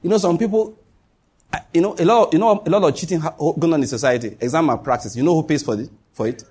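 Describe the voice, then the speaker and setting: Husky high-voiced pastor preaching. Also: male voice, quick pace, darkish tone. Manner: emphatic, repeats key lines, joking asides. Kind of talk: sermon.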